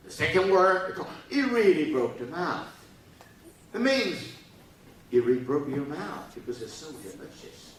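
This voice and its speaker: A man giving a humorous lecture to students, acting out little dialogues and coaxing the audience to laugh and repeat after him. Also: fairly high pitch. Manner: animated, acts out dialogues in funny voices. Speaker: forum speaker. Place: university lecture hall. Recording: echoey hall, voice from far off.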